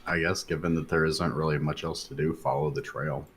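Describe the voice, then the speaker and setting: A man playing a tabletop game, speaking in a hesitant, low-key way with fillers. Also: little pitch movement, a little fast, a little hiss or hum. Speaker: player.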